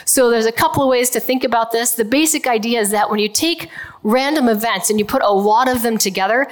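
A woman's voice: on the high side, a little fast. Woman explaining physics to an audience. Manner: conversational, explains with everyday examples, checks in with "okay". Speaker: physicist giving a public talk. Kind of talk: lecture to a live audience.

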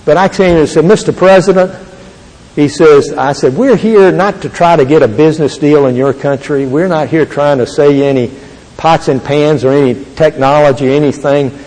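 An older man giving an earnest, halting Christian testimony to an audience. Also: a little high, darkish tone. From Texas. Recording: long reverb of a large hall.

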